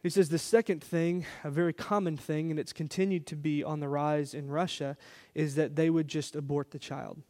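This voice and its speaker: A man's voice: on the high side, fairly even intonation, normal speed. Man preaching a conversational sermon. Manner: conversational, warm storytelling with quoted dialogue. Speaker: pastor. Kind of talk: sermon storytelling.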